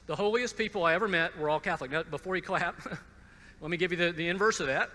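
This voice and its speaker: Bright-voiced man giving a testimony. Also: high-pitched, long reverb tail. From Georgia, USA. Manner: halting, repeats words, wry asides. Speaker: speaker at a conference. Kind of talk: personal testimony talk.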